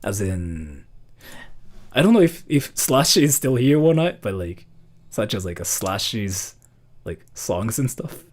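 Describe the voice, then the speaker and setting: A fast-talking streamer with a lively pitch answers donations in a casual livestream chat. He packs his speech with fillers like "like" and "uh" and laughs often as he goes.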